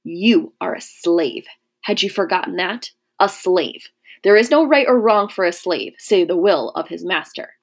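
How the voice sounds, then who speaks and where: A woman reading the part of a charming, scheming young Roman nobleman, smooth and mocking with a quiet menace. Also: fairly low pitch, lively intonation, measured pace, heavily acted. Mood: softly menacing. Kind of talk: audiobook character reading.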